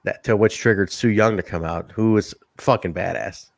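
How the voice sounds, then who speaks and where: A man co-hosting a casual wrestling review podcast, animated and profane, laughing often. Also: fairly low pitch, normal speed, gravelly. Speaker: podcast co-host.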